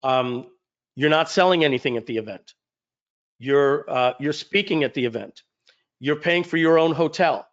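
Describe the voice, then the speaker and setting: Animated male storyteller, lo-fi sound. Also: fairly high pitch, normal speed. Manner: animated storyteller who acts out dialogue. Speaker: event speaker and host. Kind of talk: personal storytelling pitch. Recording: dull lo-fi audio.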